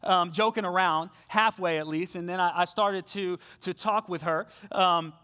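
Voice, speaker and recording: A young man delivers a church sermon in a notably high voice. He tells stories in a loose, chatty way and drops to a soft hush when he urges the listeners. He speaks on a microphone in the sanctuary. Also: fairly even intonation, normal speed. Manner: conversational storytelling, drops to soft hushed tones when making appeals. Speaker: preacher.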